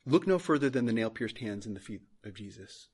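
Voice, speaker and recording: A man's voice: lowish voice, lively intonation, brisk, a little mellow, husky. A male pastor preaching a sermon in church, earnest, repeating phrases for emphasis.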